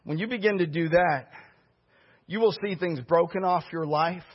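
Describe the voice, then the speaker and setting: A man with a high, husky voice delivers a sermon, drifting into conversational storytelling as he talks to his congregation. The recording is dull and lo-fi, with muffled highs. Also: moderate pace. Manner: storytelling preacher, animated and conversational. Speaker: preacher.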